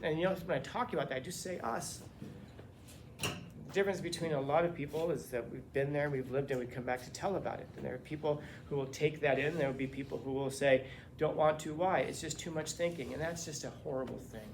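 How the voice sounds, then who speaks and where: A male teacher giving a classroom philosophy lecture, animated and conversational, firing off rhetorical questions to his students. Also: medium pitch, quick pace, slight background noise.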